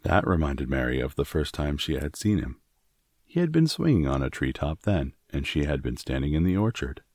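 A man narrating a storybook in a measured, expressive reading. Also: a bass voice, no room sound, studio quality. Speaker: audiobook narrator.

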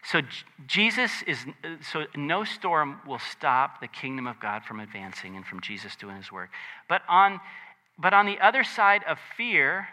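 A man preaching a conversational sermon, animated and chatty, with joking asides. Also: a little high, measured pace. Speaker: pastor.

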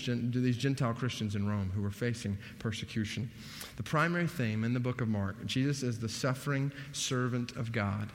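A man preaching a sermon, animated, his voice rising emphatically on key points. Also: medium pitch. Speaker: pastor. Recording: long hall reverb.

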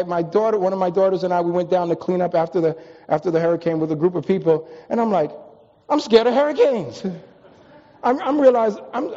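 High-voiced preaching man in a big hall. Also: warm tone. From US East Coast. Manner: storytelling with humor, rising to emphatic peaks. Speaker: pastor. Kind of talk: sermon. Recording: long reverb, dull lo-fi sound.

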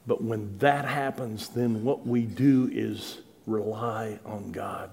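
A man's voice: lowish voice, steady tone, takes it slowly, creaky, a little mellow, a little hiss or hum. Middle-aged male preacher, earnest and pleading delivery with dramatic peaks. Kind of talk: sermon.

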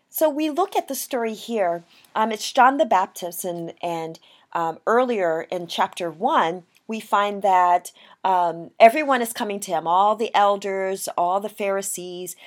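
Woman, preacher, sermon, scripture reading, casual explaining, fillers and restarts, middle pitch, animated storytelling. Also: unhurried. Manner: reads scripture then talks casually with many fillers and restarts.

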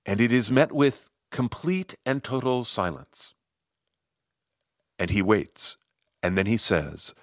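A middle-aged man telling a personal story in an animated way, acting out the lines of other people. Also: on the low side, slow, long pauses, dry recording, studio quality. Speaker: host, storyteller. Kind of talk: personal story told to listeners.

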